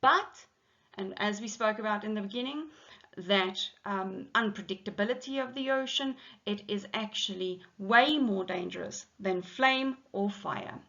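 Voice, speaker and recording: South African woman teacher, slow and patient. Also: medium pitch, creaky, a bit bright, dull audio. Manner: explains patiently, reads poem lines aloud, frequent ums. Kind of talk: poetry lesson explanation.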